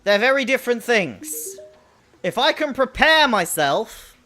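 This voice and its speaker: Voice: medium pitch, sing-song, a little slow, sharp tone, soft background music. A young adult streamer with a childlike, babyish voice, chatting playfully while commenting on a game. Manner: playful, chatty, reads out chat. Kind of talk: casual live gameplay commentary.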